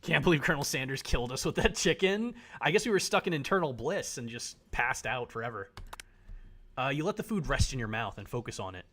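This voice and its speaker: A man streaming live, reading a visual novel aloud in a dramatic, animated way and laughing often. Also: mid-range voice, a little fast. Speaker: game streamer.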